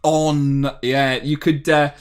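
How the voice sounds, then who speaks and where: A man hosting a live stream, reading the chat aloud and answering it. His voice sits a little high for a man, and he talks in a loose, friendly ramble full of fillers and restarts. The sound is close and clear from a desk microphone. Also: level tone, slow, faint music behind. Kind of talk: casual livestream chat.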